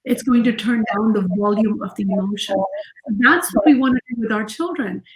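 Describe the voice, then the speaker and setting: Middle-aged woman, parenting expert guest; calm, gentle, fairly high voice, roomy echo. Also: moderate pace. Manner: calm, gentle, repeats key phrases. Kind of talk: interview answer, explanatory. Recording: echoey room.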